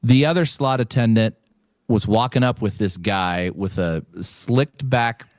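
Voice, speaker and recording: A man of middle pitch hosts a podcast, spinning a long, animated anecdote full of "uh"s and acted-out quotes. His voice sits close on the mic with a dry, dead-sounding room. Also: measured pace, dry recording. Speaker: podcast host. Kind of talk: casual storytelling.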